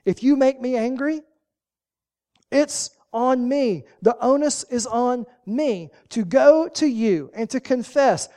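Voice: mid-range voice, slow, dark tone. A pastor preaching a sermon, folksy and emphatic, driving points home with short repeated commands.

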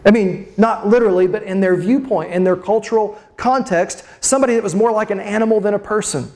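Brief: a preacher in mid-sermon, expressive, leaning on slow dramatic stresses and rhetorical questions, at a mid-range pitch.

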